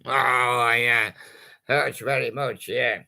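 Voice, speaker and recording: A man's voice: medium pitch, fairly even intonation, slow pace, creaky, bright, forceful tone. A male host making playful, punning patter about old song titles and chuckling at his own jokes.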